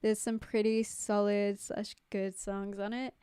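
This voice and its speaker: A woman's voice: medium pitch, flat delivery, a little slow, mellow, smooth, no echo, studio quality. A young woman chatting casually on a live stream, reading out comments, giggling and filling her talk with "like". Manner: chatty, giggly, lots of "like" fillers. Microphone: close studio mic.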